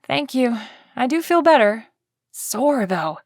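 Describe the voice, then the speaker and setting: A woman voicing a cheerful young woman celebrity in an audiobook, lifting her voice to a brighter, breezy tone. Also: high voice, big pitch swings, slow, dry recording, studio quality, pitched above the performer's own voice, exaggerated voice. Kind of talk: audiobook character voice.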